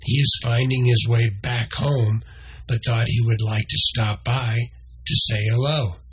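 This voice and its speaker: A man's voice: medium pitch, fairly even intonation, measured pace, a bit bright, husky. A man voicing a confident, playful male meerkat who guides and teases a boy.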